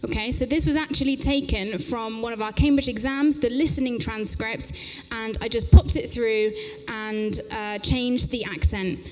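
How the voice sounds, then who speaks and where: A woman's voice: on the high side, fairly even intonation, darkish tone. Upbeat woman leading a conference workshop. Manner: brisk and upbeat, often checking in with "okay?". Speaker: teacher trainer presenting a workshop. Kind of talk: interactive conference workshop talk. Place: large lecture hall at a conference. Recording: echoey lecture hall.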